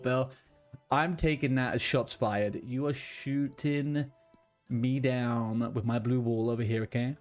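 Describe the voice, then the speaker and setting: Guy streaming from his room, chatty, ranty, swears a lot, mid pitch, bit of music behind. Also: a little mellow. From London, England. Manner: chatty, ranting, swears freely. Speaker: livestreamer. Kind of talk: casual chat with viewers. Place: home room with a blue wall.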